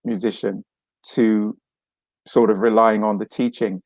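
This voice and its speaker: A man's voice: on the low side, level tone, measured pace, creaky, darkish tone, no room sound. A man hosting an interview, asking hesitant, self-correcting questions. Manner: brief backchannels, hesitant questions. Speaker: interview host. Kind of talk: casual interview.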